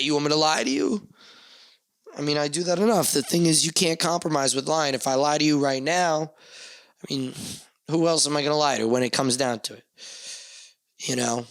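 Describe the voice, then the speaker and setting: A man's voice: on the high side, moderate pace, a bit bright, no room sound. Rambling, profane man with a New Jersey accent. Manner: rambling, profane, joking asides. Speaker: podcast host. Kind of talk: casual solo podcast chat. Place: small dusty backyard shed.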